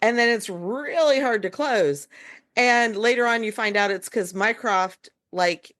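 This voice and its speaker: A woman's voice: on the high side, measured pace, fairly bright tone. A woman hosting a podcast, chatting casually about a novel with lots of fillers and asides. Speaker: podcast host. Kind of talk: casual book-club chat.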